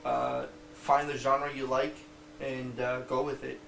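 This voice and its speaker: A man's voice: mid-range voice, flat delivery, slow, vocal fry, fairly bright tone. A man co-hosting a podcast, chatting casually about board games with lots of fillers and restarts and the odd swear word. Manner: rambling, many fillers and restarts, swears freely. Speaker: podcast co-host. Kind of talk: casual board game review chat. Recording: roomy distant mic with faint background noise.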